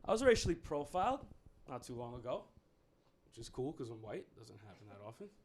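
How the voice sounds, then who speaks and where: A man's voice: mid-range voice, sing-song, fairly quick. A man doing a stand-up comedy set, rambling, profane and self-mocking.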